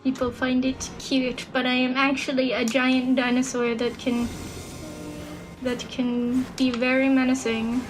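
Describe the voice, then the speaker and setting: Woman gamer streaming, high, unhurried chat, excitable, soft music behind. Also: poor audio. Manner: excitable, swears at the game, rambles. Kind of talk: casual gaming commentary.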